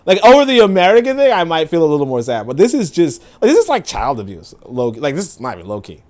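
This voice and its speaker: A man's voice: on the high side, wildly swooping pitch, fast talker, a little mellow. A man hosting a livestream, reacting to viewer comments and clips in a rambling, profane, casual way. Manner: rambling, profane, laughing asides. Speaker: livestream host.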